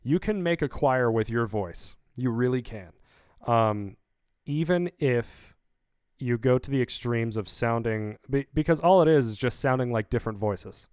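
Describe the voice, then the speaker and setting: A man's voice: medium pitch, lively intonation, unhurried, a little mellow, clean tone, no echo. A man casually explaining how he produced his song, rambling upbeat with many fillers, talking into a studio vocal mic. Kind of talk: casual video breakdown.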